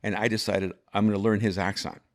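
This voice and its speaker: A man's voice: lowish voice, flat delivery, fairly quick. A man over fifty from El Salvador, a guest telling stories in a reflective way with frequent restarts. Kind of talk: conversational storytelling.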